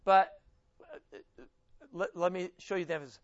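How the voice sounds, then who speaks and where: A man's voice: high-pitched, steady tone, normal speed, muffled recording. A man preaching a conversational sermon, casually explaining scripture and correcting himself as he goes. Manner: informal, self-correcting, reads scripture aloud with emphasis. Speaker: pastor teaching a Bible study.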